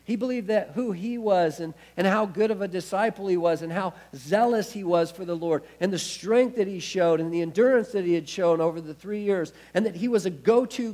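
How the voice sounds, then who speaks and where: Male pastor, sermon, slightly high voice, expressive swings from loud to hushed, conversational asides. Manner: expressive preaching with wide swings in loudness.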